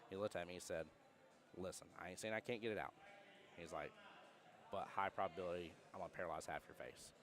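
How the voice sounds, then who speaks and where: A man's voice: low voice, steady tone, quick pace, crowd noise. A man commentating a pool match with a co-host in a pool hall, telling stories casually with many restarts. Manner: rambling storyteller, many restarts.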